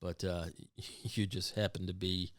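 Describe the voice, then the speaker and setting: A man's voice: low-pitched, little pitch movement, measured pace, dry recording, clean studio sound. A man co-hosting a casual comedy podcast, blunt and joking, laughing often. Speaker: podcast co-host.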